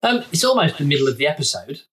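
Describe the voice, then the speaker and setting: A man's voice: fairly high pitch, very animated, quick pace, fairly bright tone, husky. A man co-hosting a casual podcast, explaining trivia and steering the chat. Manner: explains facts, steers the episode. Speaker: podcast co-host.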